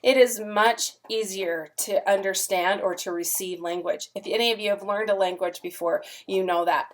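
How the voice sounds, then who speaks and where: A woman's voice: mid-range voice, steady tone, moderate pace. A woman in her forties, a teacher giving a recorded lecture in a friendly, chatty way with many "um" fillers. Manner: friendly, chatty, lots of "um" fillers, demonstrates sing-song parent talk.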